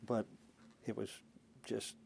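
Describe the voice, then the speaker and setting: A man's voice: slow, dark tone, a little hiss or hum. An older man and former senator telling folksy, anecdotal stories in an oral history interview, chuckling and acting out quotes.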